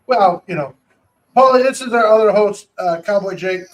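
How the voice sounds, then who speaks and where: Man, podcast host, high pitch, chatty, repeats himself. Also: normal speed, poor audio. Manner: chatty, repeats words as he restarts. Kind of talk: casual chat.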